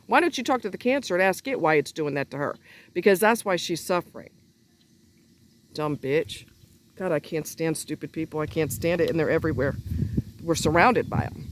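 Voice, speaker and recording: A woman's voice: on the low side, expressive, moderate pace, a little hiss or hum. A woman vlogger delivering a heated, profane personal rant in a blunt, exasperated way.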